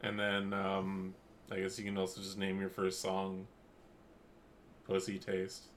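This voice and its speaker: Man, 30s, podcast co-host, teasing, low pitch, faint noise. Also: completely flat delivery, a bit bright. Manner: bouncy, teasing, quick to laugh. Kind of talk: casual chat.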